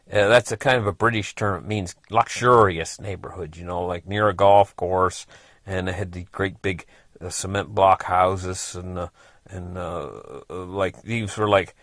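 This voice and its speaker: A man's voice: deep voice, fairly bright tone, dry recording. A middle-aged man casually telling a personal story, rambling along with lots of "you know" and frequent chuckles.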